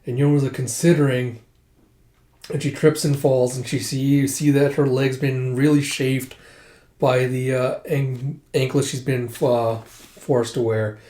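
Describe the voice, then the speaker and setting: A man's voice: mid-range voice, flat delivery, measured pace, dark tone, echoey room. A man casually retelling a comic chapter, loose and full of fillers. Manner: loose, filler-heavy storytelling. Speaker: comic reader.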